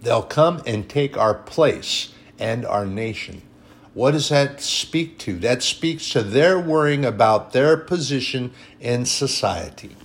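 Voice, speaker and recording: A man preaching a sermon with emphatic delivery, swinging between hushed and raised passages. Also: medium pitch, expressive, slow pace.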